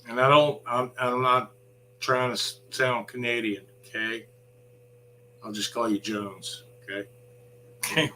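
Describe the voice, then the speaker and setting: A man's voice: medium pitch, flat delivery, measured pace, long pauses, bright, forceful tone, a little hiss or hum, rough recording. A man ranting in a blunt, sarcastic vlog monologue, swearing freely. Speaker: vlogger.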